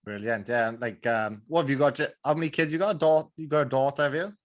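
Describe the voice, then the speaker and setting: A man hosting a casual podcast interview. He keeps his turns short, dropping in quick questions and brief friendly remarks. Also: mid-range voice. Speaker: podcast host.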